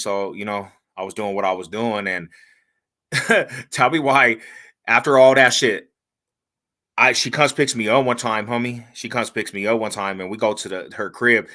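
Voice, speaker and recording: A man hosting a podcast, telling stories in animated, slangy casual chat and laughing as he goes. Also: fairly low pitch. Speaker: podcast host.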